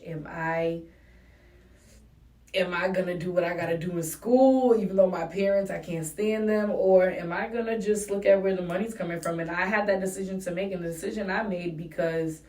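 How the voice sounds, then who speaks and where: A woman's voice: fairly low pitch, a little mellow. A young adult woman from New England with a New England accent, talking bluntly and profanely as a rapper in a casual interview. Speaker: rapper guest. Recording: roomy and distant mic.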